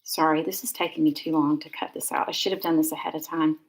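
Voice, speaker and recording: A middle-aged woman from Georgia, USA, demonstrates card making on a live stream, chatting and rambling with warm asides. Her voice sits low with a steady tone, she talks fast, and the recording is low quality.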